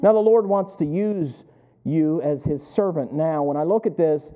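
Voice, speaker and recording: A man's voice: a little high, moderate pace. A man preaching a sermon, telling stories and asking the congregation to finish his phrases. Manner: animated storytelling, asks the congregation to fill in words. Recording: tinny phone-like sound.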